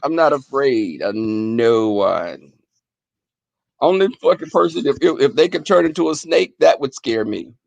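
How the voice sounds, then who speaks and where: A man hosting a live stream, casually telling stories to his chat in a profane, animated way, often breaking into laughter. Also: medium pitch, a little slow, gravelly, no echo.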